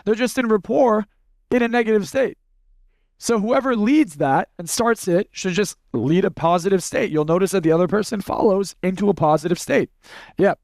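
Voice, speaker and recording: A man's voice: high voice, moderate pace, gravelly, a little mellow, no echo. A young man giving a casual seminar talk to an audience, blunt and profane, telling stories and acting out what people said. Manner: blunt, profane, storytelling with acted-out quotes. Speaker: speaker teaching a live audience.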